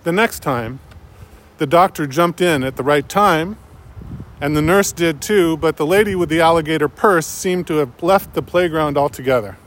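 A man narrating a story in a measured, unhurried way. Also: on the high side, a bit bright. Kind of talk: story reading.

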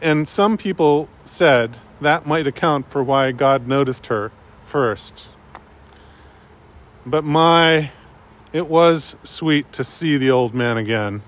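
A man narrating a story in a measured, unhurried way. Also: fairly high pitch, fairly bright tone. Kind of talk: story reading.

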